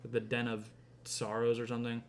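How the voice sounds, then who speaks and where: A man's voice: medium pitch, completely flat delivery, brisk, slight background noise. A young man hosting a podcast, casually retelling a film's plot with lots of fillers, swearing and acted-out quotes. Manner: rambling, acts out quotes, frequent fillers and cursing. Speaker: podcast host.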